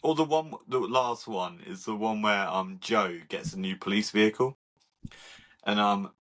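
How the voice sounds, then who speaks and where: A man's voice: on the low side, measured pace, a bit bright. A man in casual podcast chat, rambling through scene retellings with many fillers.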